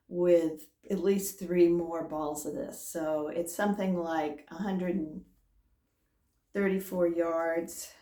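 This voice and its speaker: A woman hosting a knitting vlog, talking casually and hesitantly with many pauses and fillers. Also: lowish voice, roomy sound. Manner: hesitant, many "um"s, warm and chatty. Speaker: knitting podcast host. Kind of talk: casual chat to camera.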